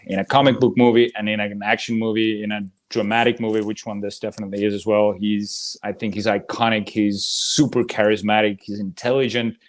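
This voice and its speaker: On a movie debate show, an American co-host with a fairly low voice speaks in an animated, easygoing way. He swears freely and laughs often.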